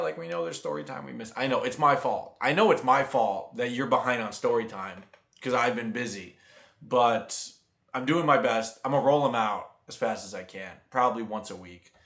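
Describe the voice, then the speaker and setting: Young male vlogger, mid pitch, rambling animated storyteller, echoey room. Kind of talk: casual storytime vlog.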